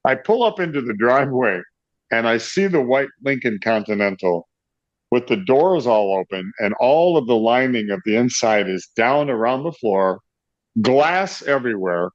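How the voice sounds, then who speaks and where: A middle-aged man, a rock singer appearing as an interview guest, animatedly tells an anecdote, laughing often and acting out the people in it. His mid-range voice has lively intonation and a moderate pace, with no echo. The recording is dry, with a slightly dull lo-fi quality.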